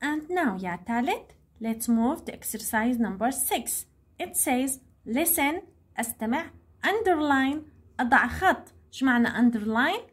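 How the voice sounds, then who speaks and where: A young woman teaching an English lesson to young pupils, speaking slowly and clearly and saying each word twice. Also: sits high, animated.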